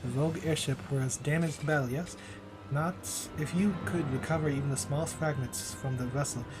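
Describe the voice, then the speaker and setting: A hearty airship engineer, cocksure about his designs, read by a man near his own voice, with occasional slips over words. Game music plays clearly underneath, and the voice sits slightly high. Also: fairly quick, close to an everyday voice. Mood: confident. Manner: hearty, self-assured, stumbles on words. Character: jovial, confident airship engineer.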